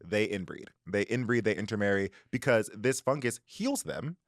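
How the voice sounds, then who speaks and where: A man with a fairly low voice co-hosts a casual book podcast, walking through a plot with animated storytelling. His voice sounds close and dry, with no room around it. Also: moderate pace, no room sound. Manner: animated storytelling, acting out characters' lines. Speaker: podcast co-host.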